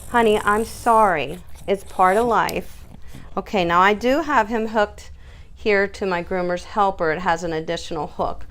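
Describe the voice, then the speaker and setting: A middle-aged woman dog groomer talking through a how-to video, coaxing and soothing a frightened dog as she works. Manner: soothing, coaxing, talks to the dog in a high sing-song.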